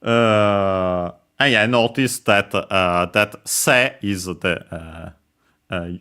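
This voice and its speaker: Slow, deep-voiced man teaching haltingly. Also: bright, forceful tone, clean tone. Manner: hesitant, many filler pauses. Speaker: language teacher. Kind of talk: casual lesson explaining kanji.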